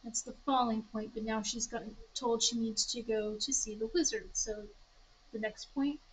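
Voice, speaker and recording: A young woman with a somewhat high voice talks a writing group through plot structure in a public library meeting room. Her tone is casual and chatty, she leans on familiar stories as examples, and she stops to fix her own wording. A light hiss sits under her voice. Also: steady tone, moderate pace, low-quality recording. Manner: chatty, explains through story examples, self-correcting. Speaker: writing club leader.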